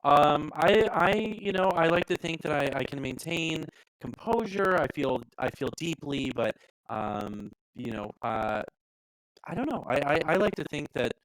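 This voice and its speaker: A man's voice: a little high, lively intonation, unhurried, fairly bright tone, clean tone, dry recording, poor audio. A young man co-hosting a live stream, talking in a playful, self-mocking way. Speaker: co-host. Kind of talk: casual live-stream chat.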